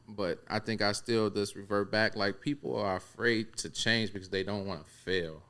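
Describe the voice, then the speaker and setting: A man who works as a barber and DJ, talking earnestly in casual chat, often halting and repeating words as he makes his point. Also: on the low side, a bit bright, clean tone.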